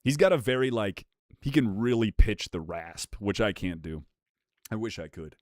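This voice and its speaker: A man's voice: fairly low pitch, moderate pace, no room sound, studio quality. A young man streaming live, bantering with chat in a joking, profane way.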